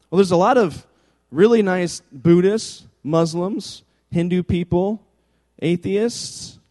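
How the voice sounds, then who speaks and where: A man delivers a sermon as pastor, chatty and joking rather than formal. His voice sits a bit high for a man. It rings out in a large hall with a long echo tail. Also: unhurried, darkish tone. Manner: conversational, joking asides.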